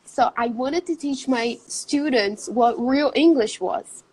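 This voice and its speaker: A woman's voice: high-pitched, slow, a little mellow, husky, poor audio. A Brazilian-born woman, a native Portuguese speaker and English teacher, chatting in an interview and laughing often. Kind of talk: casual interview chat.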